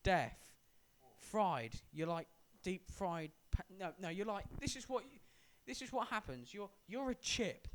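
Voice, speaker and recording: A man's voice: sits high, very animated, unhurried, slight background noise. A young man from England co-hosting a casual podcast, rambling and stumbling over his words, with a sore throat. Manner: rambling, stumbling, self-correcting. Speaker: podcast co-host. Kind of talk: casual chat.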